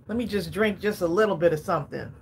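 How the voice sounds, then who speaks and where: A woman's voice: fairly low pitch, fast, slight background noise. A woman, chatting casually to viewers as a craft channel host from her home craft room, a little out of breath. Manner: chatty, addresses viewers as y'all. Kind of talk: casual live-stream chat.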